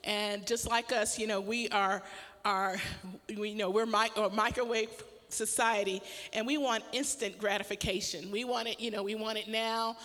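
A woman's voice: medium pitch, moderate pace, in a large hall. A middle-aged woman pastor tells a personal story in a casual sermon, laughing often as she talks. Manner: animated storytelling with frequent laughter.

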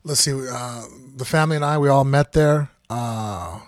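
A man's voice: medium pitch, moderate pace, no echo, clean studio sound. A man co-hosting a podcast, telling a long travel story in a casual, rambling way and acting out quoted lines. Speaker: podcast co-host.

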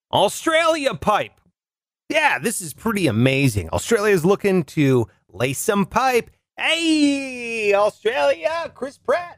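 A man's voice: dry recording, studio quality. A man hosting a comedy news show, riffing sarcastically on the stories. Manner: riffing, sarcastic, jumps in pitch for jokes.

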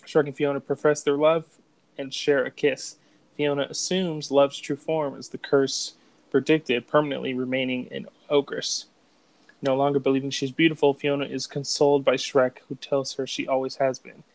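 Gravelly-voiced young man, laid-back. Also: mid-range voice, flat delivery, normal speed, dry recording, rough recording. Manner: joking, laughs easily, swears freely. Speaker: podcast co-host. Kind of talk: casual chat.

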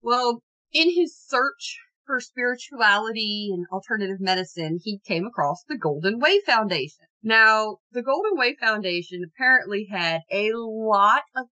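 Bright-voiced sarcastic woman podcaster. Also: on the high side, lively intonation, moderate pace, poor audio. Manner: sarcastic, jokey storytelling with swearing. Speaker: podcast co-host. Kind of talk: casual true-crime podcast chat.

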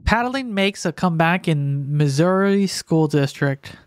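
A man with a smooth, resonant voice co-hosts a laid-back podcast. He reads news items out loud and keeps stumbling over words and pausing to fill gaps. The sound is dry and close to the mic. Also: on the high side, lively intonation, no echo. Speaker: podcast co-host. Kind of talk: casual podcast chat.

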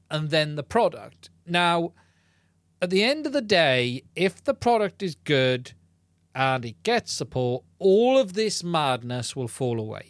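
A man's voice: a little high, dry recording, clean studio sound. Chatty man hosting a live stream. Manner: chatty, rambling, with many fillers and restarts. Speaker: podcast host. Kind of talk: casual live-stream chat. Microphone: podcast mic into a mixing console.

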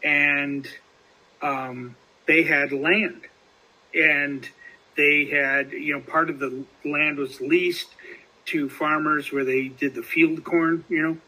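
Bright-voiced rambling male podcast host. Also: fairly high pitch, steady tone, slow pace, low-quality recording. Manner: rambling storytelling with many restarts and fillers. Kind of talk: casual recovery podcast chat.

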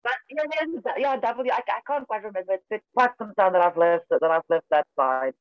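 A woman's voice: medium pitch, animated, brisk, no room sound, phone-quality sound, faint music behind. A woman from South Africa with an accent mixing South African and American, chatting as a podcast guest who laughs easily. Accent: South African mixed with American. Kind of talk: casual chat.

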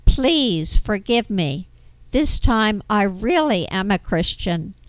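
A woman voicing a remorseful former male spy who pleads for forgiveness, speaking slowly and earnestly. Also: medium pitch, sing-song, no echo, low-quality recording. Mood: pleading.

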